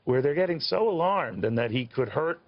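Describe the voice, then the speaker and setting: A man's voice: on the high side, expressive, normal speed, lo-fi sound. A man hosting a live news interview, chatty and wry, with a rambling way of building his questions. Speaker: TV news host.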